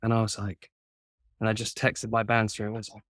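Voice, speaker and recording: Young songwriter with a posh English accent; friendly, casual interviewer, lowish voice, dry sound. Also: male voice, little pitch movement, brisk, vocal fry, fairly bright tone, no room sound. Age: young adult. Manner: friendly, chatty storyteller. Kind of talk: casual chat.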